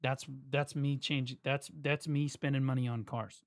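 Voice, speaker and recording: A man streaming live in a casual, profane rant, jumping from loud outbursts to low mutters. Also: fairly even intonation, moderate pace.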